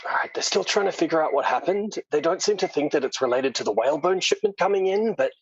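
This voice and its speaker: Australian male game master, lively pitch, dull dry stream mic. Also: fast talker, gravelly, few pauses, slightly rough, no echo. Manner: casual, hesitant, lots of fillers. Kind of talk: narrating a tabletop game.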